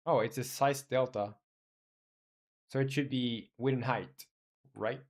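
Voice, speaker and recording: A man, not a native English speaker, live-streaming his game coding, thinking aloud in halting phrases full of fillers and muttering search terms as he reads. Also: medium pitch, fairly even intonation, darkish tone.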